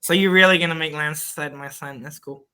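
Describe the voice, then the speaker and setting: A man's voice: fairly high pitch, fairly even intonation, a little fast, bright, forceful tone, clean tone. A man from the Cayman Islands, a flag football referee and podcast guest, chatting casually in a rambling storytelling way and acting out his own quoted lines.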